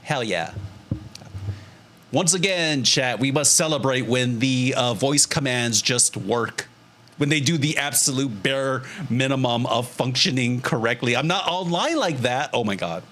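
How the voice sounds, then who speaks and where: A young man with a mid-range voice talks straight to his chat from his desk mic. He is animated and jokey, laughing often and tossing in casual swears. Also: mid-range voice, moderate pace. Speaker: streamer. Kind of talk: casual livestream chat to viewers.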